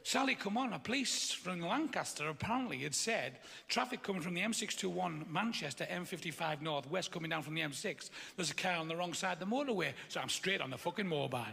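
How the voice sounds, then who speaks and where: A man telling a stand-up joke in a dry, deadpan way with swearing. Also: sits high, quick pace, vocal fry, hardly any pauses. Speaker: stand-up comedian. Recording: long hall reverb from off mic.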